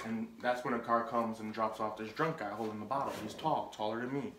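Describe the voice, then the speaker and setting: A man's voice: lowish voice, fairly even intonation, fairly quick, fairly bright tone, reverberant, slight background noise. Rambling young man telling a story. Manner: rambling, heavy on filler words and restarts. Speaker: vlogger. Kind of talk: casual storytelling.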